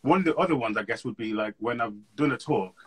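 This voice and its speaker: Fast-talking husky guest. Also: male voice, mid-range voice, poor audio. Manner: animated, slangy storyteller. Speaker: guest speaker. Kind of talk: casual interview chat.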